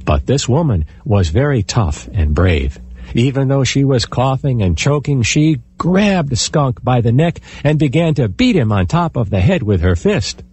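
A man telling a folktale aloud in an expressive, animated way. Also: medium pitch, measured pace, slightly rough. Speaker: storyteller. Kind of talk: oral folktale storytelling.

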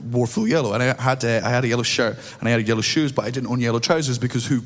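A man's voice: medium pitch, rapid-fire. A young man doing stand-up storytelling, swearing freely and laughing as he acts out the voices in his tale. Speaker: stand-up comedian.

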